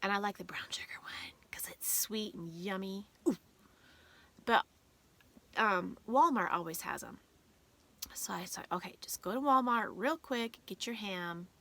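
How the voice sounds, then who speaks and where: A woman's voice: medium pitch, measured pace, fairly bright tone. A woman vlogger telling a personal story in a casual, rambling way with many fillers, emotional and holding back tears at times.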